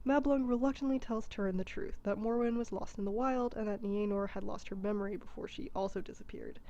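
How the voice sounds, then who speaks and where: Casual woman narrating, mellow lo-fi. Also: medium pitch, fairly even intonation, fairly quick. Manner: casual, irreverent. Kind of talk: comedic abridged retelling.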